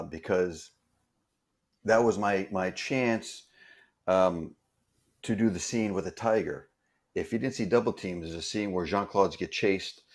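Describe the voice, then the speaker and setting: Halting man telling a stunt story. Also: low-pitched. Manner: halting, repeats words while recounting. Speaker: stunt performer guest. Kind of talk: casual anecdote telling.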